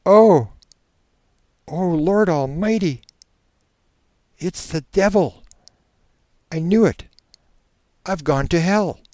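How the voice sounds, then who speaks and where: A man voicing a terrified man under regression hypnosis, a former preacher, with shrill panicked outbursts. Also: very animated, a little slow, no room sound, studio quality.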